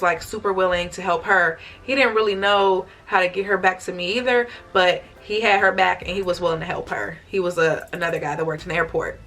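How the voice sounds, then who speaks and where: Young american woman doing a chatty storytime vlog, mid pitch, expressive, soft music under it. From United States. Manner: chatty, expressive retelling with acted-out quotes. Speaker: vlogger.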